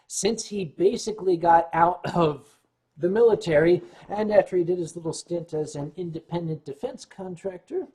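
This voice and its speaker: A man hosting a livestream, telling a long anecdote in a lively way and clearing his throat often between beats. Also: fairly high pitch. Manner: animated retelling with shifting loudness. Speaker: livestream host. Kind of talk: anecdotal storytelling.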